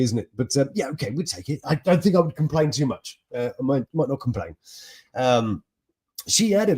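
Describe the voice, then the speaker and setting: A man hosting a casual, jokey news chat with laughing asides and a husky voice. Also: mid-range voice, dark tone. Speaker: host.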